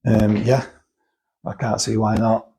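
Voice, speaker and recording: A man's voice: lowish voice, flat delivery, slow pace, dark tone, husky, low-quality recording. A man talking casually and explaining things step by step, thinking aloud and restarting sentences as he goes. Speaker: guest explaining cosmetic chemicals. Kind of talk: casual chat.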